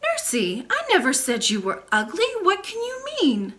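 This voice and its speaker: A woman voicing an earnest little girl princess who pleads and speaks up high. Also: wildly swooping pitch, normal speed, a bit bright, heavily acted.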